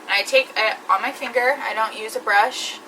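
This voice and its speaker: A woman with a bright, crisp voice explains each step of her makeup in a chatty vlog. She sounds set back from the mic, with a faint hum of the room behind her. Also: on the high side, steady tone, normal speed, distant mic, low-quality recording. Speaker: beauty vlogger. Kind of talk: makeup tutorial.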